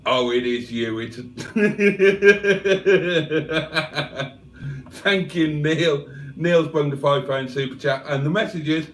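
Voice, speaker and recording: A man hosts a casual livestream and reads chat messages aloud, chuckling as he goes. He speaks slowly in a slightly raised voice. His voice rings around an echoey room. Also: fairly high pitch. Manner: chuckling often, chatty and self-deprecating. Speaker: livestream host reading viewer chat.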